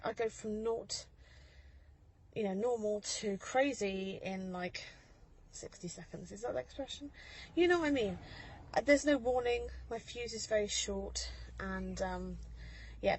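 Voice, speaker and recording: A woman's voice: mid-range voice, moderate pace, darkish tone, husky, rough recording. A woman in her thirties talks into her phone from a parked car in a casual vlog, chatty and rambling with many ums and laughs. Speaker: mother vlogger.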